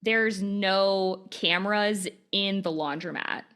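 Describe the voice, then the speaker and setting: A woman hosts a podcast in an easygoing, chatty way, walking through case details with frequent fillers. Her voice is bright and clear, set at a middle pitch for a woman. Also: slow. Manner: recounts case details conversationally with many fillers. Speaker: podcast host. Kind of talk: casual true-crime chat.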